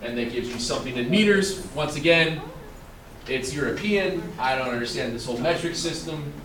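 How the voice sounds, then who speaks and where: A man's voice: on the high side, a little fast, a crowd in the background. A man teaching math to a class, joking and laughing often as he talks. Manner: playful, laughs often, animated. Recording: echoey classroom from far off with students.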